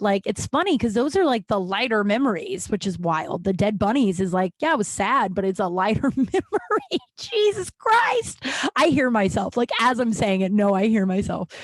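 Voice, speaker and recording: A woman's voice: mid-range voice, no room sound. A woman in her thirties from Denver telling profane, rambling comedic stories as a podcast host, laughing at herself, with a runny nose. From Denver, USA. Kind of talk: casual comedic storytelling.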